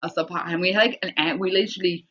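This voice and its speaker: Excitable woman, lo-fi stream. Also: on the low side, fast. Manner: breathless, repetitive, excitable retelling. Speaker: livestreamer. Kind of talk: rambling live-stream storytelling. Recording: dull lo-fi livestream audio.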